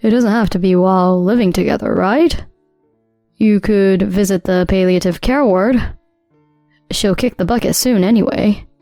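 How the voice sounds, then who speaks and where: A selfish husband, voiced by a woman who speaks calmly and coldly. The voice is mellow and dark, dry and close, with soft music behind it. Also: medium pitch, normal speed, dry recording, natural voice. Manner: calm, dismissive. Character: cold selfish young husband.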